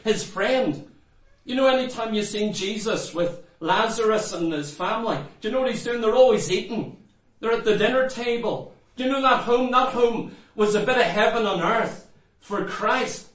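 A man preaching a sermon to a congregation, fervent and full of repeated rhetorical questions to the people in front of him. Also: extremely high pitch. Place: church. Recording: echoey room, mic far off.

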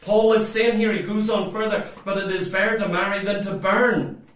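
Guy preaching a sermon, high pitched, emphatic, keeps repeating himself, far from mic in a big echoey room. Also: fairly even intonation, moderate pace. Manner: emphatic, repeats phrases, rising to loud exhortation.

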